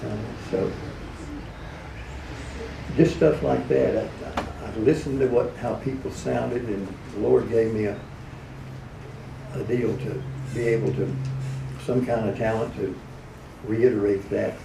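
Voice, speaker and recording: Gravelly man telling radio stories. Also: lowish voice, fairly even intonation, a little slow, long pauses, background noise. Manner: folksy, chuckling, slips into character voices. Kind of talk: anecdotal storytelling at a live event. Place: event hall. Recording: echoey room, recorded from far off.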